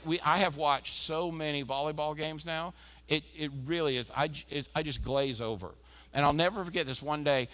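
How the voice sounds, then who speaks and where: A man preaching to his church with a high, bright voice. He drives each point home with energetic repetition and forceful emphasis. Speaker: pastor. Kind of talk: sermon.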